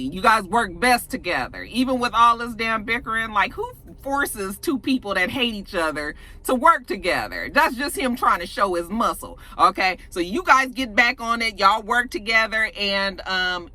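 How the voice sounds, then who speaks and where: A woman casually recapping a TV episode in an animated, profane way, often acting out the characters' lines. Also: mid-range voice. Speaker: TV episode reviewer.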